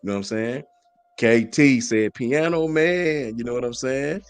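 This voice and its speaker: Animated man hosting sports talk. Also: mid-range voice, unhurried, clear, resonant tone, dry recording. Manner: animated, greets chat viewers, slangy. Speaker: sports talk show host. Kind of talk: casual sports talk livestream.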